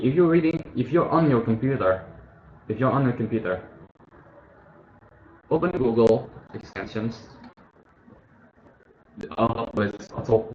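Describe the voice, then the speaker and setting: A man with a slightly low voice explains a study app in a loose, thinking-aloud way, often stopping to correct himself. The sound is a bit dull and roomy. A faint hiss sits underneath. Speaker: tutorial host. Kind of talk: casual screen-share tutorial. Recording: muffled, echoey room with faint hiss.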